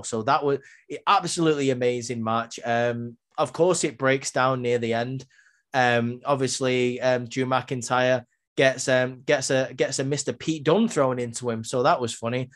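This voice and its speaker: A man talks through a wrestling show recap in a loose, conversational way. He fills gaps with plenty of ums and restarts, then jumps back into his opinions. His voice sits at an ordinary middle pitch. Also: fairly even intonation, moderate pace. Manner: chatty, many filler ums, acts out quotes.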